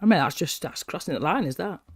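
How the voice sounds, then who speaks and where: A man's voice: on the high side, expressive, quick pace, husky, no echo, clean studio sound. A man hosting a live stream, chatting casually in a rambling, sweary way. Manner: sweary, rambling, laughing, chewing while talking. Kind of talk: casual chat.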